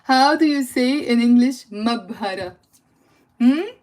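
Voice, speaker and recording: A woman's voice: fairly high pitch, lively intonation, unhurried, a little mellow. A woman with a Lebanese accent teaching Arabic words on a live stream, playful, laughing and chatting with viewers. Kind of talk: live-streamed language lesson. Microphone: phone or computer mic on a livestream.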